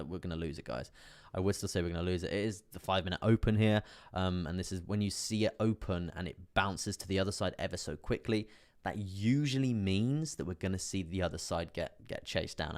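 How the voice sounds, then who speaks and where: A man's voice: deep voice, gravelly. A young man chatting casually on a live stream, commenting on trades with lots of fillers and asides to viewers. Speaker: crypto trading streamer.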